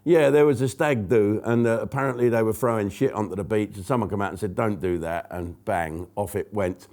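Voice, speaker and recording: A man's voice: on the low side, brisk. A man hosting his own online comedy show, ranting bluntly and swearing freely. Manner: blunt, profane, animated. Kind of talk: profane comic rant to camera.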